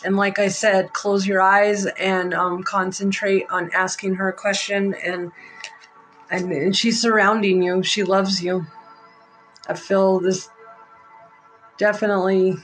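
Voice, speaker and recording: A woman leads a live tarot reading in a slow, unhurried voice, pausing often and filling the gaps with soft ums. She sounds moved and close to tears. Faint music plays softly behind her. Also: medium pitch, flat delivery, rough recording. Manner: slow, emotional, halting with many fillers. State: near tears. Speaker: psychic reader.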